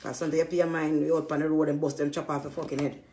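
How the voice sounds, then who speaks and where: A woman's voice: deep voice, flat delivery, racing, mellow, slight background noise. Irritated woman ranting. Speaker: small business owner. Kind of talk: angry venting monologue.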